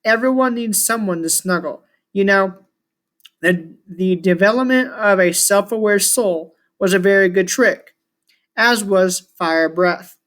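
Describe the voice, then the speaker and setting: A man's voice: high-pitched, measured pace, a bit bright. A man reading aloud as an ancient, scornful male chaos god living in a shulker shell, grumbling and grandiose.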